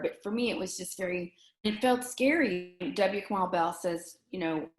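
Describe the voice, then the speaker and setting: Middle-aged woman talking candidly, gets emotional, lots of restarts, roomy echo. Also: mid-range voice. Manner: earnest, emotional, halting with restarts. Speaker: interview guest. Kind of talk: candid conversation.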